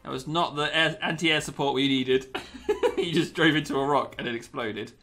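A man's voice: fairly high pitch, moderate pace, sharp tone, faint music behind. A young man commentating gameplay with a lot of energy, yelping, laughing and slipping into pirate growls.

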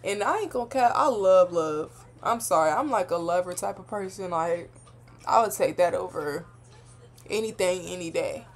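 A woman's voice: fairly low pitch, animated, normal speed. A young woman hosting a reaction video, talking in a chatty, heartfelt, slang-filled way that rambles as she thinks aloud. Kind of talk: casual reaction commentary.

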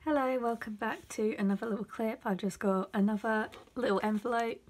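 A woman vlogger opening her mail in a casual unboxing video, excitable and gushing, often gasping and squealing. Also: on the high side, a little fast.

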